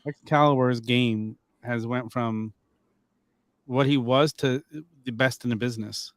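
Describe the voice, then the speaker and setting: A man's voice: mid-range voice, fairly even intonation, unhurried, dry recording. Agreeable male wrestling podcast co-host. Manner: agreeable, enthusiastic, short affirmations. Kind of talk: casual wrestling chat.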